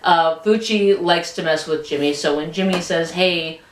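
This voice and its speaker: A woman's voice: on the low side, normal speed, slight background noise. A woman casually retelling a book's anecdotes in a review, rambling along with lots of fillers. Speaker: book reviewer. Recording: roomy, distant mic.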